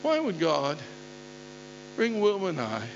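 An older man preaches a sermon in a high-pitched voice, swinging from folksy storytelling to emphatic calls. The recording is dull, with a long reverb trailing in a big hall and a faint hum underneath. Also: huge pitch swings, a little slow. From southeastern Oklahoma. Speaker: pastor. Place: church hall.

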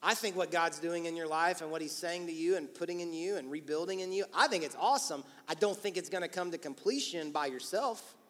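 A male pastor preaching an energetic, emphatic, encouraging sermon in church. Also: a little high, fairly quick, hardly any pauses. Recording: long church-hall reverb.

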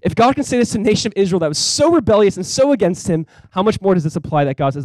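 Fast-talking animated male pastor. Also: high-pitched, dry recording. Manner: conversational, animated preaching with quick asides. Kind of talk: sermon.

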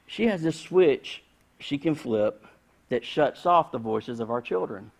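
A man, preaching a sermon in a conversational, humorous storytelling way with sudden loud bursts. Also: medium pitch, expressive, unhurried, gravelly. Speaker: pastor.

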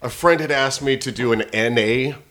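A man's voice: medium pitch, moderate pace. A comedian guest telling a story in casual chat, swearing and acting out the people he quotes. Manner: animated, swearing, acts out quotes in voices.

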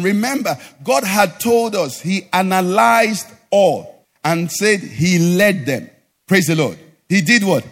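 A man preaching a sermon, asking the congregation to finish his sentences and rising into a sing-song lilt. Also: high voice. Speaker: pastor. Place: church. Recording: live church hall with reverb and faint music.

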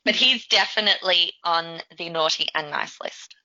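Lady podcast guest, bright edgy voice, laughs a lot, dull dry audio. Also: on the low side, normal speed, no room sound. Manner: chatty, laughs often, hesitant restarts. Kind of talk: casual podcast chat.

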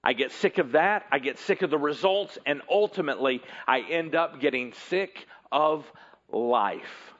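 A man preaching a sermon in an earnest way, often dropping low and quiet at the ends of phrases. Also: animated, unhurried, lo-fi sound. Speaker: pastor.

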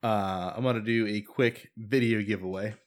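A man's voice: fairly low pitch, fairly even intonation, normal speed. Man steering a casual podcast chat. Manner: steers the talk with questions, laughs easily. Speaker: podcast host.

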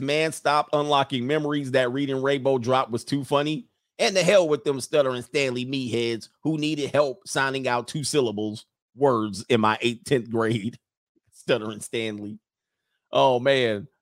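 A man riffs through a casual livestream, blunt, loud and joking, laughing between lines. His voice sits at an ordinary middle pitch, and the sound is close and dry with no room around it. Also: dry recording. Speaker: livestream host.

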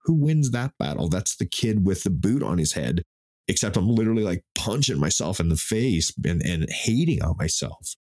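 A man in his fifties talks alone into a podcast mic from his home desk, with a very deep, low-pitched voice. He speaks candidly and emotionally about his own life. He swears freely and often stops to restart a sentence. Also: a little mellow. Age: 50s. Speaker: podcast host. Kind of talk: solo reflective podcast monologue. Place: home desk in front of a computer.

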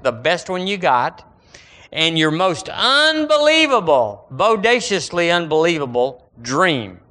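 A man preaching a sermon, folksy and emphatic, swinging from loud exclamations to low asides. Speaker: pastor.

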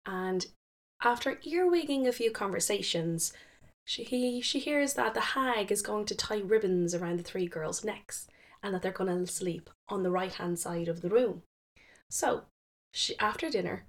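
A woman casually retelling a folktale, chatty, with fillers and quick self-corrections. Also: mid-range voice. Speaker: storyteller.

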